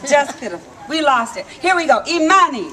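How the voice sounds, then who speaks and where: Woman, storyteller, high voice, lively, crowd call-and-response, noisy outdoor recording. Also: fairly quick. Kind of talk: live storytelling to an audience. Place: outdoor theme park stage.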